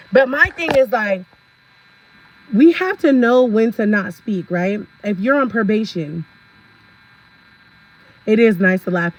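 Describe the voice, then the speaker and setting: A woman's voice: mid-range voice, dull audio. Woman, vlogger, sassy rant, laughs a lot, talks to viewers, faint hiss behind. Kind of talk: casual ranting commentary.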